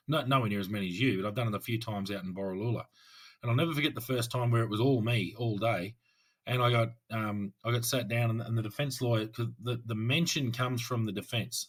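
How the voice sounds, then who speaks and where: An Australian man co-hosting a podcast, telling lively courtroom stories in casual chat and acting out what people said. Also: fairly low pitch, breathy edge. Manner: animated anecdotes, acts out courtroom voices, swears. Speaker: podcast co-host, police officer.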